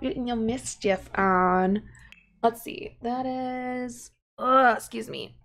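A woman's voice: fairly high pitch, sing-song, takes it slowly, vocal fry, soft background music. A young woman chatting casually over her gameplay, rambling and giggling at her own asides. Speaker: gaming YouTuber.

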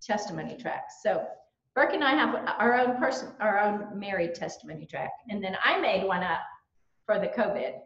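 Lively Southern woman in a roomy hall. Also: medium pitch, normal speed. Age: middle-aged. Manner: lively storyteller, animated quotes and laughs. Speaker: speaker at a church training. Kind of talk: church talk with personal stories. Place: church hall. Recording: roomy, dull-sounding church recording.

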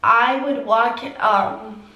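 A woman's voice: fairly high pitch, steady tone, drawn-out words, bright, forceful tone, echoey room, far from the mic, lo-fi sound. Tearful teen girl vlogger. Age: teens. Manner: tearful, heavy use of "like". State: crying. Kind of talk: emotional storytime.

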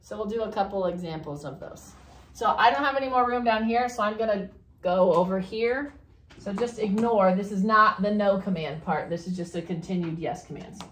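A woman's voice: medium pitch, moderate pace. A woman teaching a Spanish grammar lesson to a class, explaining step by step and asking questions. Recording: echoey classroom, faint noise.

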